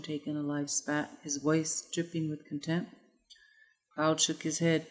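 A woman narrating an audiobook with measured, even pacing. Her voice sits a little low for a woman. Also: poor audio.

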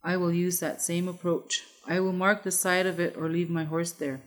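A woman reading the lines of a grave, determined warrior father in an audiobook, in a low, measured voice. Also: level tone, lightly acted. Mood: resolute.

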